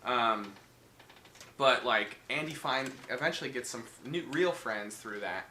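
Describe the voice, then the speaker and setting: A podcast co-host casually recaps a horror movie, rambling, swearing often, and using lots of fillers while briefly doing quick character voices. His medium-pitched voice is bright, forceful, and lively, in a roomy space with a little hiss or hum.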